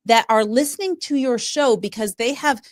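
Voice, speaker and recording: Brief: female speaking coach, slightly high voice, punchy and animated, dry close recording. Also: normal speed, no room sound. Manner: emphatic, animated storytelling. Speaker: public speaker and trainer. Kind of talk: conversational podcast interview.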